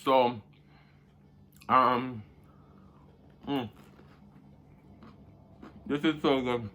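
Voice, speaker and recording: A man's voice: mid-range voice, fairly even intonation, drawn-out words, bright, forceful tone, a little hiss or hum. A Jamaican man chatting casually during a food-review mukbang, humming and murmuring between bites.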